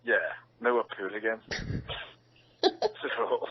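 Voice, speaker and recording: A man's voice: mid-range voice, huge pitch swings, takes it slowly. A young man who is an actor, chatting casually in an interview, laughing often and acting out quotes. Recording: dull lo-fi sound.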